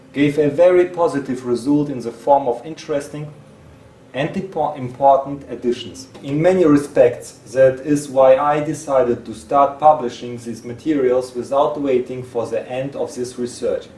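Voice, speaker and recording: A male presenter whose first language is Russian reads a text aloud in it, adding his own asides, often halting, repeating words, and restarting phrases. His voice is mid-range and dark, captured by a distant mic in a roomy space with faint hiss.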